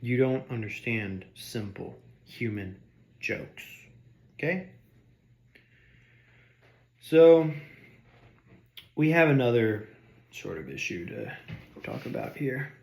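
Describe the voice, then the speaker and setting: A man's voice: medium pitch, big pitch swings, slow pace, creaky, pauses often, darkish tone. A man delivering a comedic rant, mock-outraged and sarcastic, insulting his audience. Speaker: vlogger.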